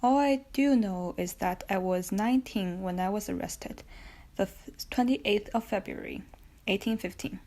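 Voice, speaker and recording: A woman's voice: mid-range voice, measured pace, a little mellow, lightly acted. A woman reading the part of a young male prisoner, pleading fervently in an audiobook. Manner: fervent, imploring.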